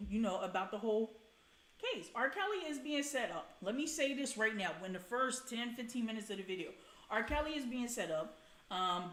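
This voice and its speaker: A blunt, profane woman hosts a livestream, chatting casually and greeting viewers by name. Her voice is mid-range with a fairly bright tone, and the room sounds echoey.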